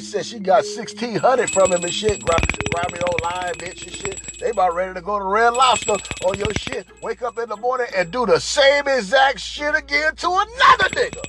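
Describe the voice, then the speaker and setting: A man's voice: high voice, expressive, fairly quick, hardly any pauses. A man hosting a podcast, ranting crudely and rambling with comic asides and repeated "right?"s. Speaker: podcast host. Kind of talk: profane comedic rant.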